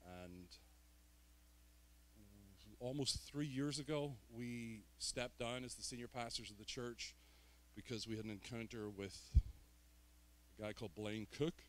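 A man's voice: medium pitch, a little slow, pauses often, a bit bright, a little hiss or hum. A man from Northern Ireland with a Northern Irish accent, a guest preacher opening his sermon with joking, self-deprecating asides in a church. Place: church sanctuary.

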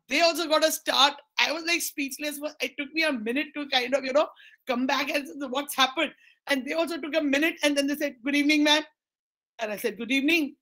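A high-pitched, middle-aged woman speaks with an Indian English accent. She gives a public talk as a school principal, telling stories and acting out the quoted lines. She drops Hindi phrases into her English. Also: sharp tone.

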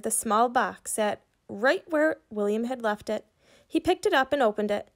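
A woman reading a children's book aloud, pausing to ask her young listeners questions about the story. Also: mid-range voice. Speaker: reader for children.

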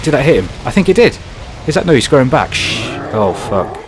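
A man doing excitable, jokey let's play commentary over a horror game, swearing often. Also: medium pitch, fairly quick, music in the background. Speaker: gaming commentator.

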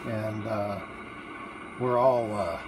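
Very slowly and with fairly even intonation, a man with a fairly low voice livestreams a food challenge from an outdoor barbecue grill, phone in one hand. Background noise is present, and his casual rambling is full of fillers and restarts.

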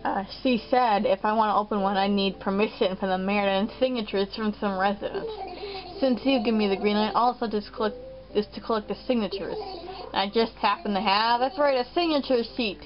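A woman's voice: mid-range voice, fairly quick, muffled recording, faint music behind, lightly acted. A woman voicing an eccentric male salamander club promoter with a lisping, dopey drawl. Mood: pitchy salesman.

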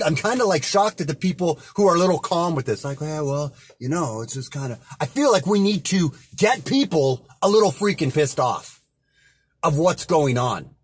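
A man rants angrily from inside a car, his monologue heated, profane, and full of repetition. The vlogger's voice sits on the high side, and the background is noisy.

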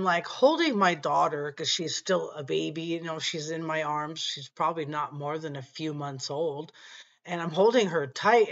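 A woman vlogger telling a personal story in a casual, unhurried way, often saying "you know" and "like". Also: lowish voice, a bit bright. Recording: dull lo-fi recording.

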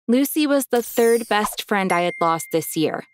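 A woman narrating her own story in an expressive, casual way. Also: medium pitch, measured pace, a little hiss or hum.

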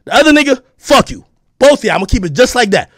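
A man streaming an angry, profane rant, confrontational and breaking into shouts. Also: extremely high pitch, very animated, racing, dry recording, clean studio sound.

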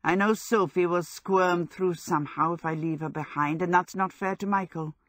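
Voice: mid-range voice, fairly even intonation, normal speed, a bit bright, dry recording, close to an everyday voice. A woman voicing a moody young male wizard who teases and scolds, in a storybook reading. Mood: scolding.

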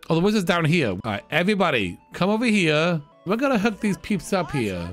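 A man giving casual gameplay commentary. He is chatty and joking, thinks out loud, and his pitch swings widely. Faint music plays behind him. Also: big pitch swings, fairly quick, few pauses. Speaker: let's play host.

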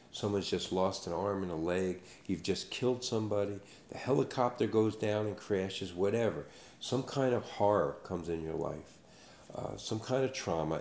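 Deep gravelly guy explaining things earnestly, roomy echo. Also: darkish tone, slight background noise. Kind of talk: explanatory interview talk.

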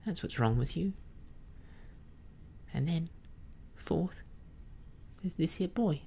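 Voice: medium pitch, lively intonation, slow, creaky, mellow, slight background noise, voice pushed up. A storyteller voicing a resentful, mutinous male pirate in a blunt, accusing whispered role-play.

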